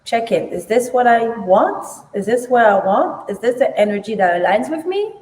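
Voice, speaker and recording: A woman's voice: a little high, animated, moderate pace, darkish tone. A woman co-hosting a casual chat, speaking reflectively and repeating key phrases for emphasis. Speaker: co-host. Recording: echoey room, long reverb.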